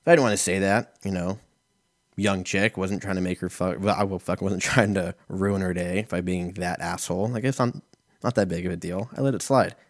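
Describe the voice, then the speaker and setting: A man in his thirties hosts a podcast, casually spinning rambling, crude, self-mocking funny stories. He has a deep, steady voice and a brisk pace, captured in clean studio sound without echo.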